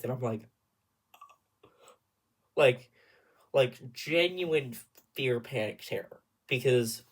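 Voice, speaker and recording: A young man with a husky, breathy voice spins a rambling story straight to camera. He talks casually and animatedly, often dropping into a whisper for asides. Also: medium pitch. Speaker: vlogger.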